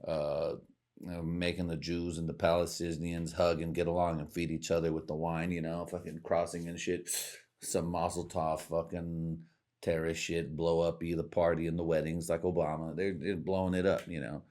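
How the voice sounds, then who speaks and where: A man's voice: deep voice, flat delivery, normal speed, mellow. A man hosting a podcast, rambling in a casual, profane way and laughing at his own jokes. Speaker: podcast host.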